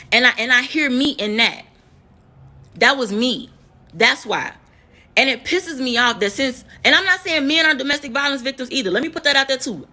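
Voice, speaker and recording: An American nurse in her thirties tells her viewers a heated, profane story in an emotional storytime vlog, repeating words for emphasis. Her voice is high-pitched, expressive and bright, with a forceful tone at a moderate pace.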